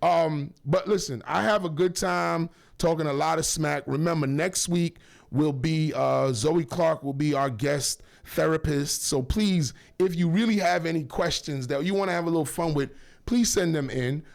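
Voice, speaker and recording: A male radio host with a gravelly, fairly high voice, talking loosely into a studio mic. He rambles and jokes, corrects himself often, and keeps sending shout-outs. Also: moderate pace. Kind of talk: casual talk radio.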